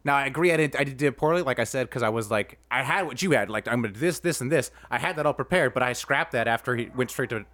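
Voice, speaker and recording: A man's voice: medium pitch, fast talker, few pauses, fairly bright tone, dry recording. A young man co-hosting a sports podcast in casual banter, rambling and defensive, often repeating himself. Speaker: podcast co-host.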